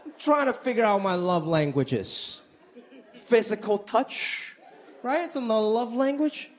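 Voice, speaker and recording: A man doing a stand-up comedy routine, animated and acting out his mother's voice. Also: high-pitched, measured pace. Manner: animated, acts out his mom's voice. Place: comedy stage before a live audience. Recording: live club with crowd and noise.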